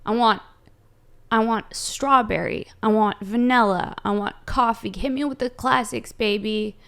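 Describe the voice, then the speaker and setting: Young comedian lady from socal, casual rants, swears a lot, lots of vocal fry. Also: on the high side, steady tone, a little slow. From Southern California. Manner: brash, profane rants with sudden loud jumps. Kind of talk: casual chat, answering viewer questions.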